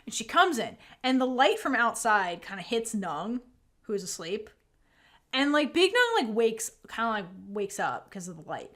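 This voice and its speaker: A woman's voice: fairly high pitch, big pitch swings, moderate pace, a bit bright. A woman co-hosting a casual recap podcast, telling the story with lots of "like" and casual swearing, and acting out the characters' lines. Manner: swears casually, says "like" a lot. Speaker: podcast co-host.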